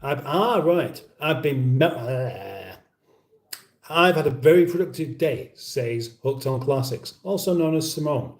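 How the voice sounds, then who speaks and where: An expressive man of medium pitch, speaking at a measured pace, hosts a laid-back stream. He reads out viewer comments, goes off on tangents, and cuts himself short with dry wit; the mic is distant and the room echoes.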